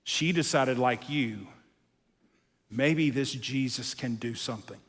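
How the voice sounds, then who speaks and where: A male pastor preaching a sermon, telling a story with animated acted-out voices and dropping to quiet, intense moments. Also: medium pitch, takes it slowly, breathy edge, long reverb tail. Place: church auditorium.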